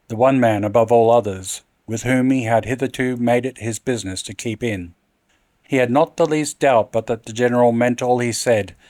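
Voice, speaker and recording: A man narrating a horror tale in an expressive, dramatic reading. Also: mid-range voice, no echo.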